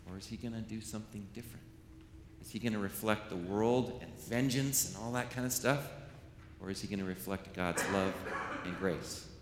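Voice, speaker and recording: A man tells a children's story in a playful, animated way, his voice sitting a little low. The sound is roomy with a long church reverb trailing each line and a faint hiss behind. He speaks as a pastor leading the little ones. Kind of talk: children's sermon. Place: large church sanctuary.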